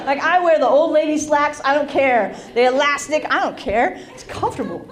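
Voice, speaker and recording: A woman's voice: high-pitched, expressive, normal speed. Brash middle-aged woman doing stand-up. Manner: brash, self-mocking, laughs often. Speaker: stand-up comedian. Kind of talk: stand-up comedy with crowd work. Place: comedy club stage. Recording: live club with loud crowd. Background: audience laughter and chatter.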